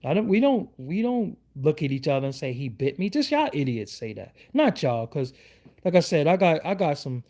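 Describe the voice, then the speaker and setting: Heated high-pitched New man ranting. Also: big pitch swings, moderate pace, warm tone. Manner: heated, repetitive rhetorical questions. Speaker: YouTube show host. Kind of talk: livestream rant.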